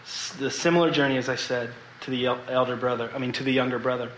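A man preaching a sermon to a congregation, earnest and confessional, pausing to ask them questions. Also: medium pitch, flat delivery, fairly bright tone, echoey room, slight background noise, poor audio.

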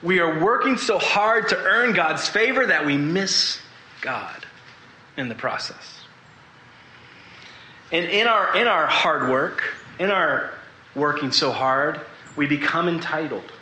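Earnest preacher man, bright echoey voice. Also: on the high side, lively intonation, slow. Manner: earnest, confessional, asks the congregation questions. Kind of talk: sermon.

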